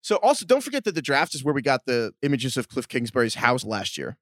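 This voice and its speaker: A man co-hosts a podcast in loose, casual chat. He talks fast and keeps spinning off into quick, jokey tangents, with a mid-pitched voice. The sound is dry and close, with no room around it. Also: huge pitch swings, no room sound. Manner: rapid, riffing, jokey tangents. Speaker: podcast co-host.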